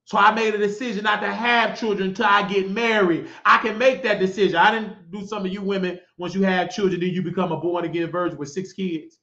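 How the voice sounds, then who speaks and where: A man hosting his own show, ranting in a preachy, scolding monologue with shouted outbursts. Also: sits high, fairly even intonation, a little fast, gravelly, hardly any pauses. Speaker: show host. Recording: dull lo-fi sound in an echoey room.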